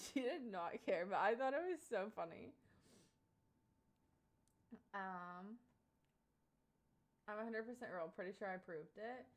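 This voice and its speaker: A woman's voice: mid-range voice, takes it slowly, pauses often. A young woman streamer telling a story casually to her chat, full of fillers and frequent laughter. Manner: animated, laughs often, many fillers like "like" and "um". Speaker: live streamer.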